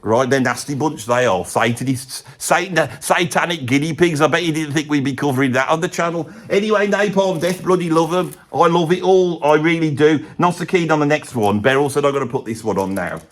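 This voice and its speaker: A Birmingham-accented man performs a comedy monologue as a comic pundit, a blokey older heavy metal fan who rambles, keeps losing his thread and says bloody a lot. He talks a little fast with few pauses, in a natural, fairly high voice.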